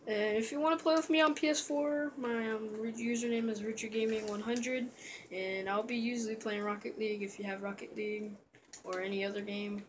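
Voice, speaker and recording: A man casually commentating a let's-play video, rambling and excitable, often trailing off into mumbled asides. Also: high-pitched, fairly quick, a little hiss or hum. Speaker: gameplay commentator.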